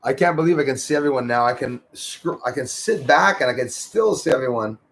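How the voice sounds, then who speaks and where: Gravelly-voiced man hosting a casual livestream. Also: medium pitch, animated, a little fast, fairly bright tone. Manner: rambling, friendly, greets viewers by name. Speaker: livestream host. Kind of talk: casual chat reading out viewer comments.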